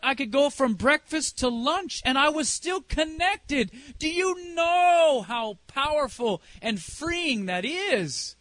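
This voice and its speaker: A man's voice: extremely high pitch, bright, forceful tone, no echo. A middle-aged man preaching a sermon as a preacher and singer, telling a personal story in a conversational way and asking the congregation questions.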